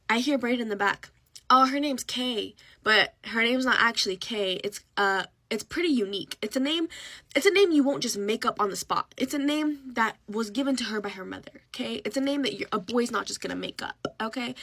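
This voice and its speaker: Animated young woman telling a storytime. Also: brisk, no echo. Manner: animated, acts out quotes with sudden pitch jumps, drops to whispers. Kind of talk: casual storytime monologue.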